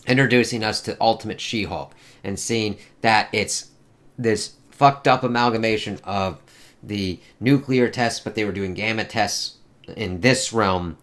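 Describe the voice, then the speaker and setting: A man's voice: lowish voice, unhurried, a bit bright. A man giving a casual, rambling comic book review, swearing often and filling gaps with "uh" and "like". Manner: rambling, profane, many fillers.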